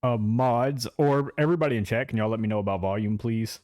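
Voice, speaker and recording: A man's voice: medium pitch, steady tone, fairly quick, darkish tone, no room sound, clean studio sound. A man streaming a game live, chatting casually and talking straight to his chat, laughing easily.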